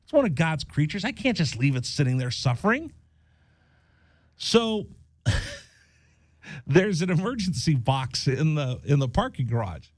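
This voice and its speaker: A man hosting a radio show chats casually in a slightly high voice, unhurried and pausing often. He's animated, acting out the people in his story. The studio-quality sound from the radio studio has no room echo.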